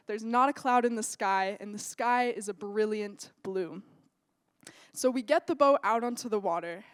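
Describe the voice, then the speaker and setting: A young woman telling a personal story in a lively, animated way that builds suspense. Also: on the high side, clean tone, no echo, clean studio sound. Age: young adult.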